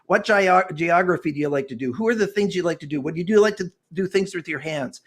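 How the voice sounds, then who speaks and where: A man in his sixties speaks with a fervent, preacherly earnestness as an interview guest. His voice sits high for a man. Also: quick pace. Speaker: guest author and personality expert. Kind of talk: passionate interview talk.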